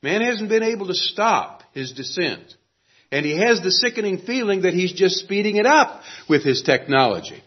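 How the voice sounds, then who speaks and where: A man preaching a sermon in an earnest, emphatic way, pausing dramatically on key words. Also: a little high, slightly rough. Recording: dull lo-fi recording.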